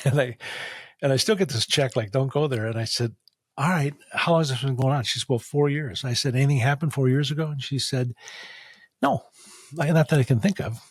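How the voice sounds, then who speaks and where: A man with a slightly husky voice tells a long story as an interview guest. He slips in and out of quoted voices as he goes. The recording is close and dry, with no room sound. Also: medium pitch, moderate pace, no echo. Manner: animated storyteller acting out quoted dialogue. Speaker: guest, facial diagnosis practitioner.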